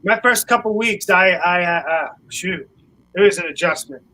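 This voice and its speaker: A man's voice: high voice, normal speed, bright, forceful tone, low-quality recording. A man, a musician guest chatting casually on a video call, laughing often and rambling with restarts. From Philadelphia area.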